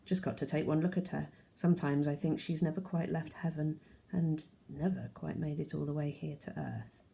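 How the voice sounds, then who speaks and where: A woman's voice: low voice, steady tone, moderate pace, gravelly, mellow. A woman reading aloud, voicing an upset, tired mother in a storybook reading. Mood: tender. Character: worn-out mother, tearful and upset.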